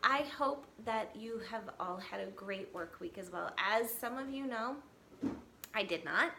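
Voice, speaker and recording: A woman in her thirties, an equine massage therapist vlogger, talks casually to her camera at home in California, earnest and chatty with many fillers and restarts. Her mid-range voice is a little slow, creaky, pushed, and bright, picked up by the camera mic with slight background noise.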